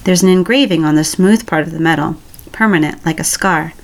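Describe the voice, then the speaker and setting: A woman reading a romance story aloud in a calm, even storytelling voice. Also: on the low side, normal speed, creaky. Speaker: story reader. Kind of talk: reading fan fiction aloud.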